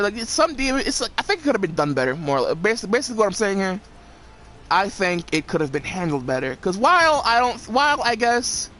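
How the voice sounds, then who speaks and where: High-pitched, animated, swearing man. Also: a little hiss or hum. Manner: profane, laughing, animated. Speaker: video creator. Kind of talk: casual rant.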